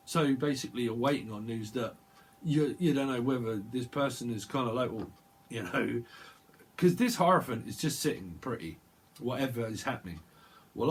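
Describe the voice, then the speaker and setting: A man's voice: medium pitch, husky. A man, giving a tarot reading in a rambling, jokey way and acting out little dialogues. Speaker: tarot reader. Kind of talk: casual chat, tarot reading.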